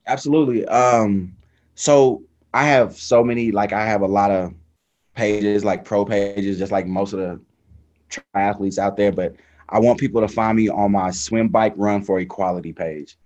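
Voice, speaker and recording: A man's voice: fairly low pitch, fairly even intonation, normal speed, a little mellow, dull audio. A man from Texas, a triathlete talking casually as a guest on a video call and filling his speech with "like" and "man". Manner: loose, heavy with fillers like "man" and "like".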